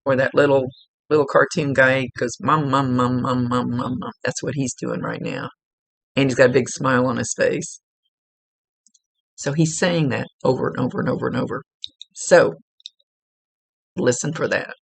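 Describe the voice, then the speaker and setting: Woman psychic medium, gravelly low rasp, dry close sound, chatty and rambling reading style. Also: steady tone, normal speed, long pauses, no echo. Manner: informal, rambling, with many fillers and restarts. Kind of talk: one-on-one spiritual reading. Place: at home, seated.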